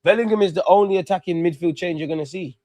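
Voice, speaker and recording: A man reacts live to a football match, ranting and swearing in an excitable stream. His voice sits high for a man. The sound is dry and close to the mic, with no room echo. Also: fast. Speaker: watch-along host. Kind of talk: live football watch-along commentary.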